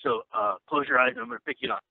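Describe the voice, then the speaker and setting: A man's voice: mid-range voice, sing-song, rapid-fire, creaky, no echo. A man putting on the voice of an easygoing male wrestling trainer who calls everyone bro, over a tinny phone line. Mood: laid-back. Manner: easygoing, drawling.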